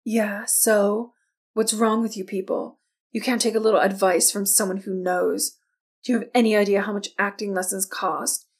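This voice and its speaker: A woman's voice: mid-range voice, little pitch movement, normal speed, breathy edge. A woman voicing a haughty, bossy teenage girl. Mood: exasperated. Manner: condescending, snippy.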